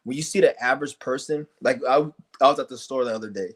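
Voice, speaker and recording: A man's voice: medium pitch, fast talker, fairly bright tone. A man streaming an angry vlog rant, firing off heated, profane rhetorical questions and blunt insults. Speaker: streamer ranting to viewers.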